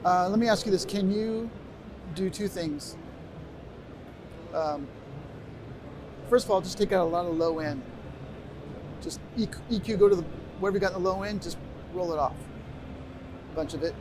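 A man's voice: high voice, normal speed, pauses often. A middle-aged man presenting a live workshop on a convention stage through a stage microphone, chatting casually and giving directions to the sound crew. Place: convention stage before an audience. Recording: noisy live room. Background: room noise.

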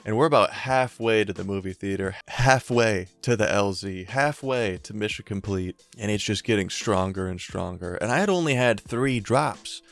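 A young man from Connecticut telling a casual, profane story in a storytime vlog, with laughter and drawn-out asides. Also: fairly low pitch, fairly bright tone, no room sound, faint music behind. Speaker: vlogger.

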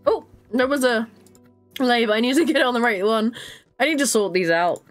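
A woman's voice: fairly high pitch, moderate pace, faint music behind. A woman streaming live, chatting casually while gaming and laughing constantly.

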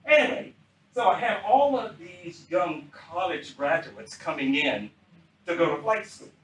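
A man's voice: high voice, unhurried, recorded from a distance, slight background noise. Older man, storyteller, acts out dialogue, roomy sound. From South Carolina. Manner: animated storyteller acting out quoted dialogue. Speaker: retired general giving a talk. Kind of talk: anecdotal storytelling talk. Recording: echoey room, speaker off mic.

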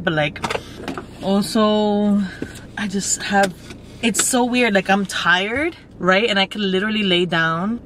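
A woman's voice: on the low side, a bit bright. A young woman vlogging from her car, chatting casually and rambling, swearing freely and saying "like" a lot. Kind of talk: casual day-in-my-life chat. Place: in a car, driving. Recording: road noise from a moving car.

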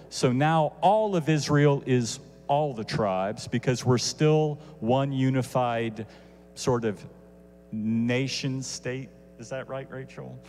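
A man teaching a Bible lesson casually, animated, with asides to his listeners. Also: medium pitch, big-room sound, slight background noise.

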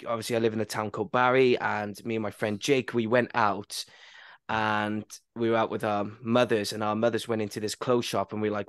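A man's voice: medium pitch, steady tone, fairly quick, no room sound, clean studio sound. A man hosting an interview, telling stories casually and often restarting his words. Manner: storytelling, stumbling over words with restarts. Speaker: podcast host.

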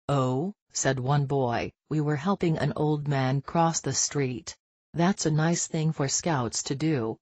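A narrator reading a collection of jokes aloud, in an even, steady storytelling delivery. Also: mid-range voice, dry recording, highs cut off. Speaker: audiobook narrator.

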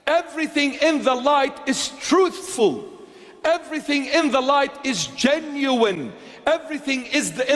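A man with a notably high voice preaches slowly and deliberately to his congregation. He is impassioned and emphatic, moving between forceful declarations and hushed pleading, and his words ring out in a long church reverb. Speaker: bishop. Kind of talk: sermon.

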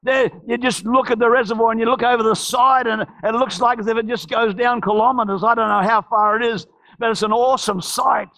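Fervent pastor, very high gravelly voice. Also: male voice, steady tone, brisk. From Australia. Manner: fervent, shouting praises and repeating phrases. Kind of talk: charismatic sermon. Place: church service.

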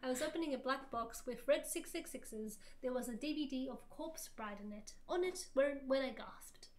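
A woman streamer reading fan fiction aloud for laughs, with theatrical, loud, overblown quotes. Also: high-pitched, animated, normal speed.

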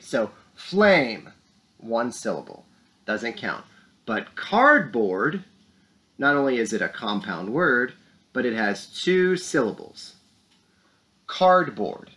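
Young guy doing kids' school announcements, voice jumps all over, really upbeat. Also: medium pitch. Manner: animated, talks to young students. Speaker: school morning show host. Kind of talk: lively kids' morning announcements.

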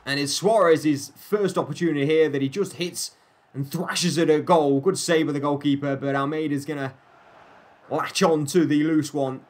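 Young man, gaming YouTuber, mock match commentary, slightly high voice, joking asides, exasperated outbursts. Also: steady tone, moderate pace. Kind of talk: playing and commentating a football video game.

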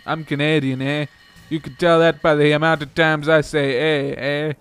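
A man's voice: fairly high pitch, flat delivery, moderate pace, a bit bright, clear, resonant tone, natural voice. A man putting on a mock stereotyped Canadian voice, tacking "eh" onto every sentence in mock complaint. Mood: mock indignant.

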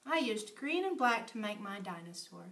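A woman teaching preschool circle time, talking slowly in an exaggerated sing-song way and dropping to whispers for effect. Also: mid-range voice, very animated, noisy background. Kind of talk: circle time lesson for young children.

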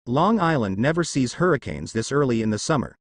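A man reading a fan fiction story aloud, moving briskly through the narration and lifting his voice a little for the quoted lines. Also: mid-range voice, sing-song, no room sound, clean studio sound.

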